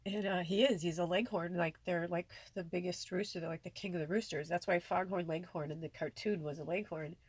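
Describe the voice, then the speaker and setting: A woman's voice: lowish voice, steady tone, a little fast, few pauses, breathy edge, no room sound. A woman talking tearfully and rambling in a personal vlog, filling her speech with many "like"s. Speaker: spiritual vlogger.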